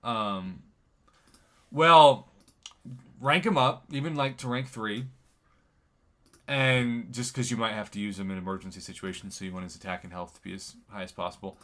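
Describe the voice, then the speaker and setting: Bright-voiced joking male game streamer. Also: on the low side, moderate pace, pauses often. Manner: jokey, chatty, reads viewer comments aloud. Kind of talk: casual live-stream chat.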